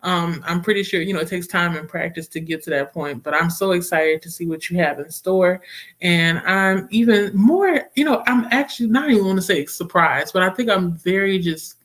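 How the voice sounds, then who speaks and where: A woman's voice: fairly low pitch, moderate pace, a bit bright. A young woman hosting a casual book livestream, chatting expressively with viewers, reading their comments aloud and laughing often. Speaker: booktube livestream host.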